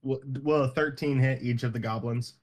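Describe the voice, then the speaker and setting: A man playing in a tabletop game, competitive and quick to argue the rules. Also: mid-range voice, steady tone, a little mellow. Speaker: player. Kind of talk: casual chat at a game table.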